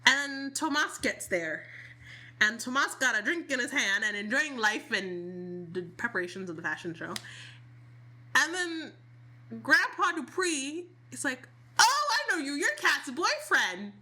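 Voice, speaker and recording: A woman co-hosting a chatty podcast, telling stories with lively acted-out quotes and frequent laughs. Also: on the high side, a little slow. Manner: animated storytelling, laughs often, acts out quotes. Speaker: podcast co-host. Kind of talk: casual chat.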